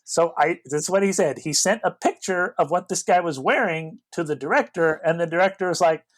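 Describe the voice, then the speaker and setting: A man's voice: on the high side, fairly quick, poor audio. A man co-hosting a casual film-review chat, rambling with restarts and asides. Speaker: podcast co-host.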